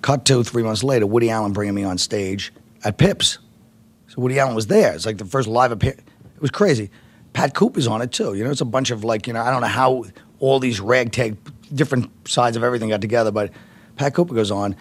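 A mid-pitched man from Brooklyn tells stories in an interview with loose, rambling energy. He laughs often as he talks. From Brooklyn, New York. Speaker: comedian guest. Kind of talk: casual interview storytelling.

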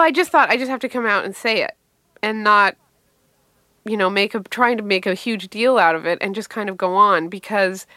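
A middle-aged woman comedian telling a wry, animated story from her life and answering interview questions. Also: medium pitch, dry recording.

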